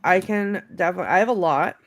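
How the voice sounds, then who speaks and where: A woman co-hosting a casual film chat over a video call, lively and laughing as she acts out favorite quotes. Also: fairly low pitch, fast, no room sound. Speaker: podcast co-host.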